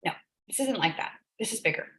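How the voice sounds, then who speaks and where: A woman with a lowish voice talks fast and animated, her tone bright and forceful. She hosts a live business coaching stream in an echoey room, giving an emotional, earnest motivational talk and repeating phrases for emphasis.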